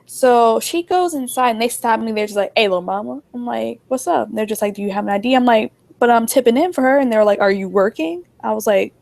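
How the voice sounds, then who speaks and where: Young woman storyteller, gravelly and fairly high, animated, acts out the dialogue. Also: fairly quick, hardly any pauses. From New Jersey. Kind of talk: casual storytelling chat.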